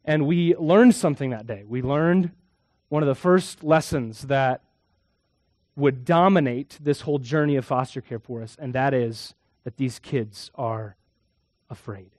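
Pastor preaching, hushed to emphatic. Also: male voice, mid-range voice, a little slow, no room sound, clean studio sound. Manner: storytelling, swings from hushed to emphatic. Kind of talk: sermon.

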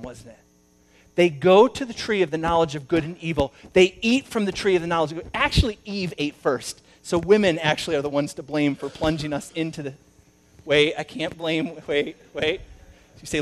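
A male pastor giving a sermon, telling a story and swinging between loud emphasis and hushed asides. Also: fairly high pitch, animated, moderate pace.

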